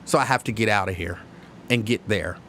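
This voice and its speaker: A man from hosting a live-stream show, chatting casually and reading viewer comments, opinionated and halting, with many restarts. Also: fairly low pitch, a bit bright, slight background noise. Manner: conversational, opinionated, halting with frequent restarts and fillers.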